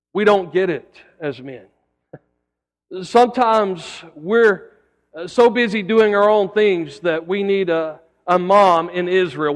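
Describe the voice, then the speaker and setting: A man's voice: sits high, a bit bright, big-room sound. A man preaching a sermon as pastor, telling stories with folksy asides and repeated words.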